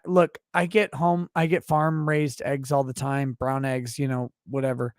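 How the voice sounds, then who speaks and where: A man's voice: medium pitch, little pitch movement, unhurried, few pauses, no echo, studio quality. A man hosting a livestream, reading viewer super chats aloud and answering them in brash, profane, mock-indignant rants. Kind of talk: crude comedic livestream banter.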